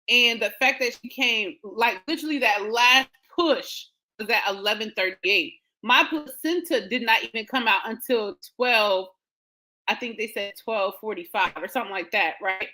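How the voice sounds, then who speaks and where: A woman hosting a show, telling a personal story in a casual, animated way with frequent laughter. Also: a little high, poor audio. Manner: animated, laughing often, quotes others in dialogue. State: emotional, near tears. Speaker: podcast host.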